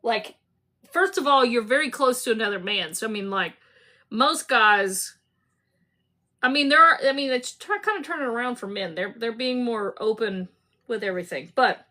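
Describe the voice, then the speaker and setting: A woman hosting a casual book club discussion, animated and laughing as she acts out scenes. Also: fairly high pitch, moderate pace.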